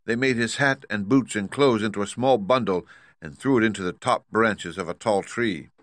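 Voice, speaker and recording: A man narrating a storybook as an audiobook, reading in a measured storytelling way. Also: on the low side, fairly bright tone, no room sound. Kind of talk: scripted narration.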